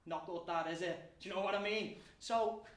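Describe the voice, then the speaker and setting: A man's voice: sits high, fairly even intonation, a little fast. Guy ranting crude stand-up at the crowd, echoey room, sounds far from the mic. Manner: crude, profane rant, addressing the crowd. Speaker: comedian. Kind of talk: live stand-up routine. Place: live venue before an audience. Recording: roomy, distant mic, faint noise.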